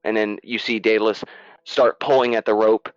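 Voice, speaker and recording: A man's voice: on the low side, little pitch movement, moderate pace, clean tone, no room sound, dull audio. A man narrating as game master of a tabletop game, in a casual, loose style with fillers.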